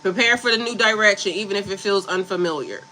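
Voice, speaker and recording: A woman's voice: medium pitch, fast, bright, forceful tone, slight background noise, poor audio. A woman spiritual coach talking casually on a livestream, reading affirmations and breaking into blunt, profane asides.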